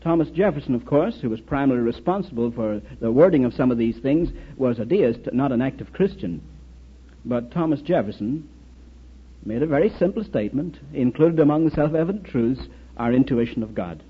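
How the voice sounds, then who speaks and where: A man's voice: medium pitch, expressive, brisk, slightly rough. A man who served as a military chaplain, giving an earnest lecture full of anecdotes and rhetorical questions, on a dull lo-fi recording. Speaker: speaker, former military chaplain.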